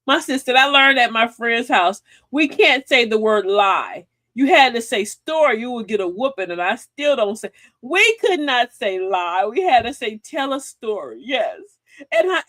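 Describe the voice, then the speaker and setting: A woman's voice: sits high, fairly bright tone, no echo. A middle-aged woman hosting a casual livestream talk, folksy and sassy, preaching advice and laughing often. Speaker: livestream host.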